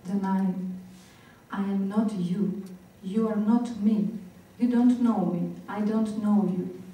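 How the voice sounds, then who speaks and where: Dark-voiced woman performing in an echoing hall. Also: medium pitch, steady tone. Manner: slow, deliberate, with long pauses. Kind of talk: staged spoken-word performance. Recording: very echoey hall, voice picked up from far off.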